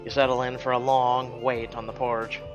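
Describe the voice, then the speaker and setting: Over music, a man reads a story game aloud and chats casually, joking and swearing freely as a YouTuber doing a playthrough. His medium-pitched voice has little pitch movement and a normal speed, and the audio is dull and lo-fi.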